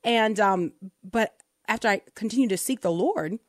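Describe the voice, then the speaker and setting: A woman's voice: medium pitch, normal speed, no echo, studio quality. A woman in her thirties co-hosting a faith podcast, telling her story in a reflective, earnest way. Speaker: co-host. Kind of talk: casual faith podcast conversation.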